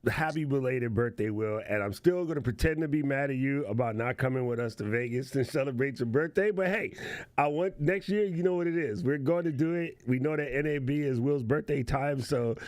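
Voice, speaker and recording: A man's voice: medium pitch, fairly quick, a little mellow, no echo. A man hosting a casual livestream show, playful and slangy, laughing often as he chats. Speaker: show host.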